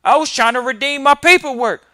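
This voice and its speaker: A man's voice: mid-range voice, lively intonation, fairly quick, fairly bright tone, dry recording, clean studio sound. A man putting on the voice of a confused, defensive client, whiny and pleading.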